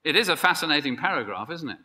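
A man preaching a sermon, emphatic and building to excited peaks. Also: a little high, quick pace. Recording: long hall reverb.

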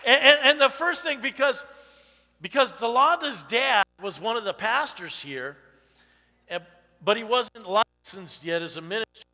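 A man in his fifties preaches in a high, ringing voice. His sermon is chatty and personal, full of "you know" asides, and his words echo with a long reverb through the church sanctuary. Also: animated, a little slow, pushed and bright. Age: 50s. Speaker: pastor. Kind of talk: conversational sermon.

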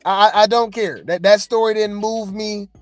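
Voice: mid-range voice, steady tone, moderate pace, no echo, soft background music. A host giving casual gossip commentary, blunt and dismissive, talking to viewers.

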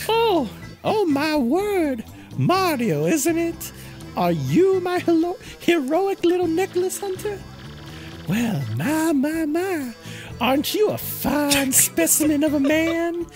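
Southern belle wind spirit, flirty and grand, high and very lively, a woman doing the voice. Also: takes it slowly, soft background music, heavily acted. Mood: flirtatious. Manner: breathy, swooning, theatrical southern-belle drawl. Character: glamorous flirty female wind spirit diva. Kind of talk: let's play voice-over of game text.

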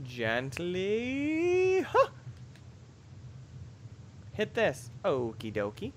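A young man doing let's play commentary, reacting loudly with sudden shouts and laughs. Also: fairly high pitch, big pitch swings, unhurried, slight background noise. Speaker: gameplay commentator.

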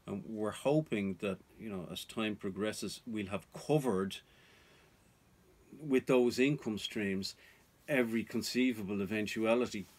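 A man's voice: fairly low pitch, measured pace, darkish tone. A man vlogging about off-grid life, talking to viewers in an earnest, cautionary way. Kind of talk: casual advice to viewers.

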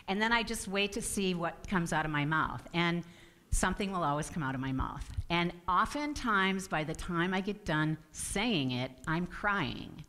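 A woman's voice: fairly low pitch, expressive, normal speed, a bit bright. A middle-aged woman giving an earnest, personal spiritual talk to a congregation, often breaking off and restarting her sentences. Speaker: guest speaker.

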